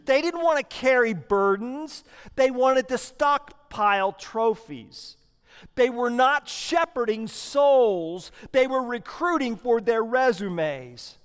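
High-voiced man preaching in an echoing hall. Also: animated, slow pace, smooth. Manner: emphatic, rhetorical preaching with punchy repeated lines. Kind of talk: sermon.

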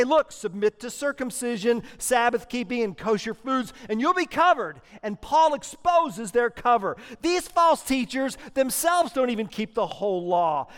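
A man's voice: very high-pitched, long reverb tail. A man preaching a sermon, emphatic and rhetorical, with punchy repeated lines.

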